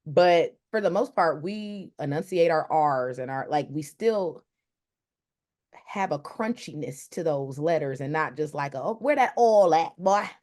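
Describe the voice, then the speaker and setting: A young woman with a Detroit accent, co-hosting a casual podcast chat, animated and quick to laugh, acting out the voices of people she quotes. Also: sits low. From Detroit, Michigan. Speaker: podcast co-host.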